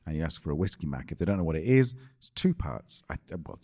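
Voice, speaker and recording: British man podcast co-host, very low voice, dry jokey explainer. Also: very animated, quick pace, mellow. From Britain. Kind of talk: casual chat.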